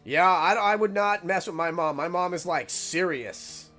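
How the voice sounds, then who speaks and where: A young man telling a casual, rambling story, animated and full of "like" fillers. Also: high voice, normal speed, soft background music.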